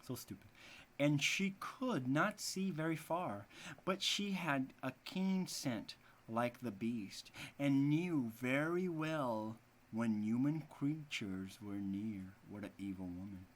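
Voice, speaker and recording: A man teaching English who reads a fairy tale aloud and breaks off often to explain words in an animated way. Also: mid-range voice, slow. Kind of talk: reading a story aloud and explaining vocabulary.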